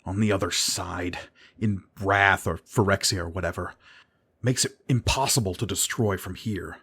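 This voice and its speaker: A cocky young airship commander, sure of himself and ready for battle, read by a man in his own low voice. He gives orders with confidence, in a commanding tone. The storybook fantasy feel stays firm throughout. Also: normal speed, a bit bright, breathy edge, heavily acted. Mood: grim.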